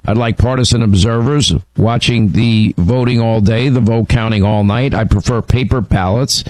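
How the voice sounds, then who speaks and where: A man's voice: on the low side, moderate pace, a little mellow, no echo, rough recording. A man hosting a call-in radio show, emphatic and stumbling over restarts as he makes his points. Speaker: radio talk show host. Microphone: studio microphone.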